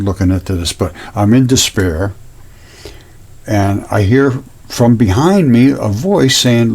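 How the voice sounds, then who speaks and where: A man's voice: medium pitch, vocal fry, a little mellow. A man hosting his own channel, talking casually and earnestly over images, rambling and repeating himself. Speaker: host.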